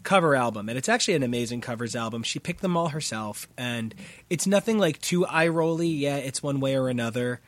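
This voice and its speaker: A man co-hosting a podcast, telling a story in an animated, excitable casual chat. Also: mid-range voice, brisk. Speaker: podcast co-host.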